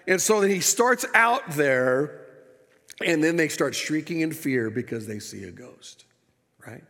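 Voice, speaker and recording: A man preaching a sermon from a church platform, his voice rising and falling as he makes wry asides. His tone is fairly high with a gravelly edge, and a long reverb from the sanctuary trails his words. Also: lively intonation, moderate pace, a bit bright. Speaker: pastor.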